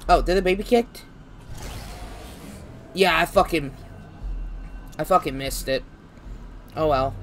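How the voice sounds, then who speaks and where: A man streaming a horror game, with a high, bright voice and an unhurried mutter. He curses constantly and breaks into panicky outbursts. His voice stays tense and sharp even when low. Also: slight background noise. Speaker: gaming streamer. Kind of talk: live horror game commentary.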